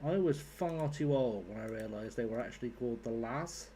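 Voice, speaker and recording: A young man with a mellow, mid-range voice streams a game at a normal pace, with slight background noise. He chats casually with his viewers, rambling, joking and swearing freely.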